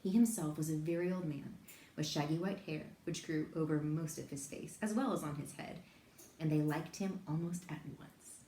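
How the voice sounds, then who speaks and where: A woman reads a children's novel aloud in a low, mellow voice, gentle and lively as she tells the story. The room around her has a noticeable echo, with a faint hiss underneath. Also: moderate pace. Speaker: reader.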